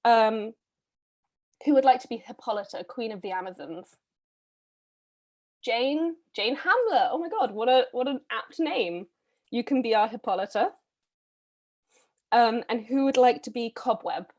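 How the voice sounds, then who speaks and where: A woman's voice: a little high, lively intonation, darkish tone. Chatty woman casting readers. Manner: chatty, brisk, with frequent ums and little laughs. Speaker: read-a-thon host casting readers. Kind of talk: casual live-stream casting call.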